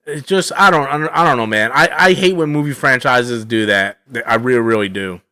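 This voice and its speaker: A man's voice: on the high side, expressive, moderate pace, pushed and bright, no room sound. A man hosting a live stream, rambling casually through chat questions, slangy and full of "man" and "bro".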